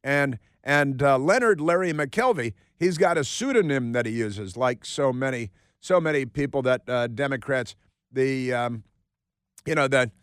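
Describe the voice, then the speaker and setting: A man's voice: mid-range voice, a little slow, clear, resonant tone, no echo. A man hosting a talk radio show, delivering a mocking, sarcastic monologue with lots of repetition and asides from a studio. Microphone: studio microphone.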